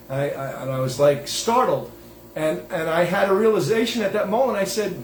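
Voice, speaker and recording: A man's voice: high voice, brisk, roomy sound, a little hiss or hum. A man hosting his own show, giving a digressive religious monologue in a folksy, self-interrupting way. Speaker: host.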